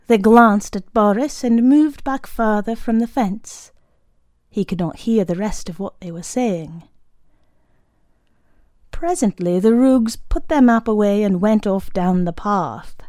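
A woman reading a story aloud as narrator, in a calm, measured way. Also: medium pitch, no echo, clean studio sound.

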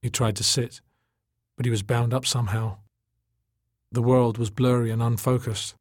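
A man narrating an audiobook in a measured, dramatic storytelling manner. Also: medium pitch, level tone, no echo, studio quality.

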